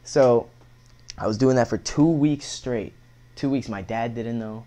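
A man's voice: mid-range voice, unhurried, warm tone. Rambling, slangy young man telling stories. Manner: rambling, slangy, heavy profanity, fillers of "bro" and "like". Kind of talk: casual storytelling chat.

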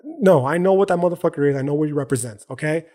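Podcast host, man with a slightly high voice, casual and profane, punchy slang, keeps checking in with "right?". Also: quick pace, dark tone. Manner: frequent "right?" and "okay?" tags. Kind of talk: casual solo podcast monologue.

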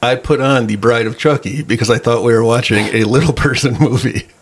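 A man's voice: medium pitch, brisk, breathy edge. A man co-hosting a podcast in casual chat about movies, rambling through joking anecdotes. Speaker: podcast co-host.

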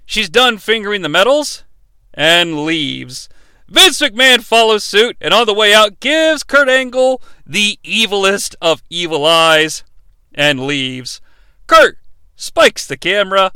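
A man's voice: sits high, lively intonation, slow, bright, forceful tone, smooth, dry recording. A man hosting a podcast, recapping in a casual, sarcastic, joking way with swearing asides. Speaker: podcast host. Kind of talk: casual wrestling recap narration.

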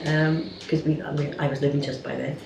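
A woman's voice: deep voice, little pitch movement, fairly quick, creaky. An older woman with a Cardiff accent, chatting in a group and telling a story with laughs along the way. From Wales. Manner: chatty storyteller, laughs through her tales. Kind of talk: casual group reminiscing. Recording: echoey room with background noise.

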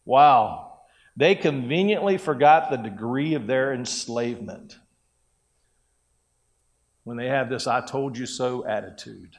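A man's voice: mid-range voice, slow. A man preaching a sermon in a conversational way, breaking into acted-out quotes of people. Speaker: pastor.

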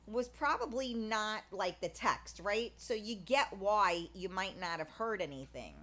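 A woman's voice: medium pitch, lively intonation, measured pace, few pauses, bright, forceful tone. A woman talking in a casual, rambling monologue, full of fillers and restarts, blunt and candid. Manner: candid, blunt, swears in passing.

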